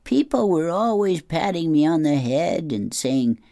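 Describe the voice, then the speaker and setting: Slow wry old grandpa joking about his lost hair , woman reading it, drawn out. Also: deep voice, big pitch swings, vocal fry, mellow, dry recording, studio quality, pitched above the performer's own voice, full character voice.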